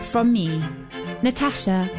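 A woman reading a children's bedtime story aloud as a storyteller, in a gentle, unhurried manner. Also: fairly high pitch, animated, music in the background.

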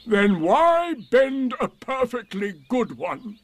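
A man voicing a gloomy old male donkey in a storybook reading, slow and mournful. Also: extremely high pitch, very animated, voice pushed up, full character voice.

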